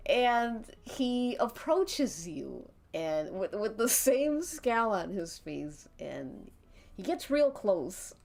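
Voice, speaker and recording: A woman's voice: medium pitch, very animated, very slow, gravelly, a little mellow, slight background noise. A woman streamer telling an interactive story to her chat, giggling often and breaking off to laugh and restart.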